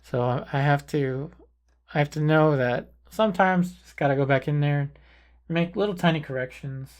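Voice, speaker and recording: A man calmly talking through a portrait painting tutorial, thinking aloud as he paints. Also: fairly high pitch. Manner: calm, unhurried, thinking aloud while painting. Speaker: painting instructor. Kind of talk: relaxed painting tutorial narration.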